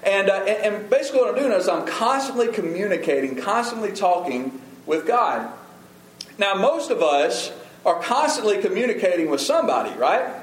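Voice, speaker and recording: A middle-aged man preaches in a church sanctuary, earnest and conversational, tripping over his words as he goes. His voice sits a little high for a man. The room adds a noticeable echo. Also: very animated, normal speed. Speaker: pastor. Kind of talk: sermon.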